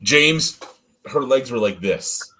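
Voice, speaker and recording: A man's voice: mid-range voice, expressive, takes it slowly, bright, forceful tone. A man hosting a casual podcast chat, telling profane, laughing stories about old coworkers. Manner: storytelling with profane, laughing asides. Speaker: podcast host.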